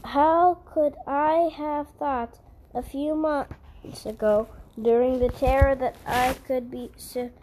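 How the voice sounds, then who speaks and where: A woman's voice: a little high, darkish tone, a little hiss or hum, low-quality recording. A woman reading the part of a grateful young Christian man, earnest and thankful in tone.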